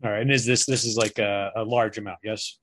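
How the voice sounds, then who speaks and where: A man playing a tabletop game, speaking politely and deliberately with some hesitation. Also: lowish voice, fairly even intonation, fairly bright tone. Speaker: player.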